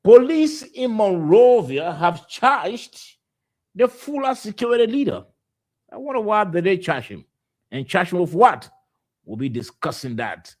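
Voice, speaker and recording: A man's voice: sits high, sing-song, a little slow, darkish tone. A man with a Liberian accent hosts a live radio talk show, trailing through his opening with many uhs, you-knows and repeated words. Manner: loose, filler-heavy delivery with many uhs and repeated words. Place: radio studio.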